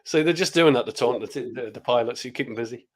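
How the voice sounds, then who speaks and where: A man in a casual podcast chat, tossing in quick jokes and laughing along. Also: medium pitch.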